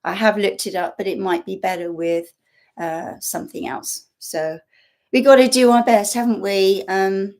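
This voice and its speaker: An English woman chatting casually on her first live stream, rambling warmly with lots of fillers and little laughs, recorded through a built-in laptop microphone. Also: mid-range voice, steady tone, normal speed. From England. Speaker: YouTube host.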